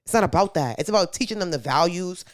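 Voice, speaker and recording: A young woman co-hosting a podcast in casual chat, blunt and animated, swearing freely and acting out quoted voices. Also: fairly low pitch, quick pace. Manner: acts out quoted kids and parents in a raised voice. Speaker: podcast co-host.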